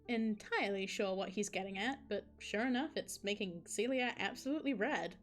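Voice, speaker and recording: A woman streams a game live, reading its story aloud and chatting with viewers in a casual, laughing manner, tossing asides to chat. Her medium-pitched voice moves a little fast with hardly any pauses, over soft background music.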